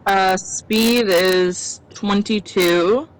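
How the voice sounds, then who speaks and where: A woman's voice: medium pitch, steady tone, extremely slow, slight background noise, low-quality recording. A woman playing a tabletop game, thinking aloud and hesitating as she talks. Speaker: player. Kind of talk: casual game play.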